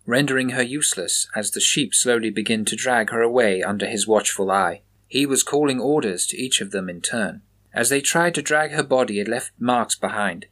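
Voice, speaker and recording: A man narrates a grisly horror tale at an even, measured pace. His voice is in an ordinary middle range for a man, and it stays plain and steady throughout as a storyteller's read. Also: medium pitch.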